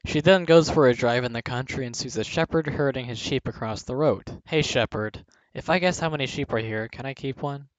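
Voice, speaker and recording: A young man reads jokes aloud in a mid-pitched voice, often cracking up before the punchlines. The recording is dry and slightly dull, with no room sound. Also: a little fast, hardly any pauses, no room sound. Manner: breaks into laughter mid-sentence. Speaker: video host reading jokes aloud. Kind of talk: reading jokes aloud with frequent laughter.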